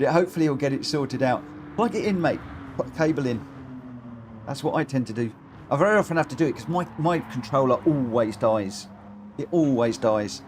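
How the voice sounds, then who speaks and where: A man hosting and commentating online racing in a chatty, excitable, jokey way over a live stream. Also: medium pitch, brisk. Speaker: race commentator and lobby host. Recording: game audio noise behind.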